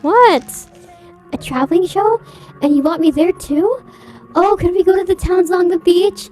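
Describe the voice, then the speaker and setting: A woman voicing a giddy, childlike girl under a ghost's spell, speaking high and eager in a video game reading. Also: moderate pace, dark tone, soft background music.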